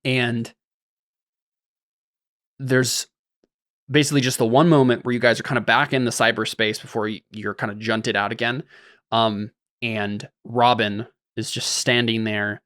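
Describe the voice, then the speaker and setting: A man's voice: mid-range voice, little pitch movement, unhurried, fairly bright tone, dry recording, studio quality. A man narrating as the game master of a tabletop game, in a loose, rambling way with many fillers.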